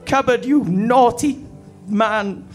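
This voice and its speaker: A man voicing a timid young train driver, high voice, meek and eager, comedy sketch. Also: slow pace, faint music behind. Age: young adult. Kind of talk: improvised comedy.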